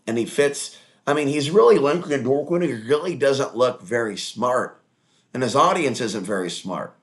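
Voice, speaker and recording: Animated rambling man with lively pitch. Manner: animated, crude, digressive, mocking asides. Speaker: solo online talk-show host. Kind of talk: rambling monologue.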